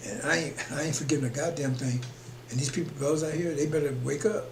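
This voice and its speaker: Male preacher, raspy and fairly high-voiced, forceful and rambling, reverberant room. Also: fairly even intonation, fast. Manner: emphatic, rambling, chuckles between points. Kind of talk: preaching broadcast. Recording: echoey room with faint hum.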